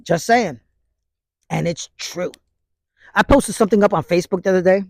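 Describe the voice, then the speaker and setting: Out in the snow, a martial arts instructor in his fifties with a New York accent gives a blunt, casual monologue in preachy street slang, filmed on a phone held by another person. He speaks at a moderate pace in a high, darkish voice, with clean studio sound and no room sound.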